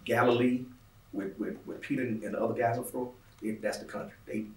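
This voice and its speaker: A man's voice: mid-range voice, steady tone, fairly quick, slightly rough. A man from Texas, co-hosting a casual faith podcast in a folksy, emphatic way. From Port Arthur, Texas. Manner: folksy, emphatic, wordplay-loving. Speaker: podcast co-host.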